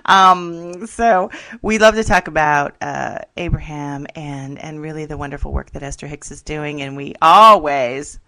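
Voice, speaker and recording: Woman radio host, low voice, upbeat, chatty, quick to laugh. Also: steady tone, vocal fry, bright, forceful tone. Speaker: radio talk show host. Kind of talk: casual radio chat.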